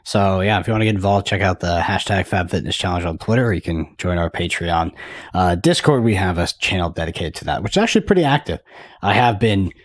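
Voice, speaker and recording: Low-voiced male co-host, easygoing, joking, loose delivery. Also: expressive, fast, no room sound. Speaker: podcast co-host. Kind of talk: casual podcast chat.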